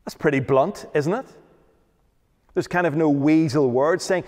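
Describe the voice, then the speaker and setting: A man's voice: fairly high pitch, moderate pace, darkish tone. A man preaching a sermon, emphatic, often asking rhetorical questions. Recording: long hall reverb.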